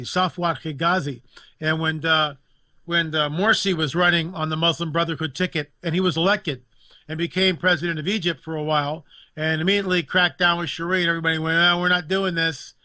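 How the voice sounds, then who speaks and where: A man's voice: on the high side, sharp tone, no room sound. A man talking in an impassioned, indignant way as a guest commentator, repeating phrases for emphasis. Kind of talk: impassioned political talk.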